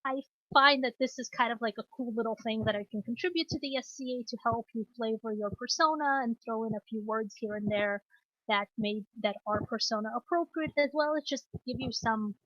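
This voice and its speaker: A woman with a Moscow Russian accent, a native Russian speaker, teaching an online class in a relaxed way with many ums and restarts. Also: fairly high pitch, dry recording. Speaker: class instructor. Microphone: computer mic on a video call. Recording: dull lo-fi video call audio.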